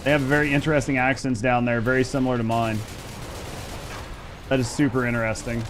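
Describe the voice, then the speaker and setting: A man with a Midwestern accent talks loosely to his chat while he plays, repeating himself and cursing in an easy, unhurried way. His voice sits in an ordinary middle pitch. Faint game gunfire runs underneath. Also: flat delivery, background noise. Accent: Midwestern American. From Indiana. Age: over 30. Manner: laid-back, rambling, swears a lot. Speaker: streamer. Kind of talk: casual live-stream chat.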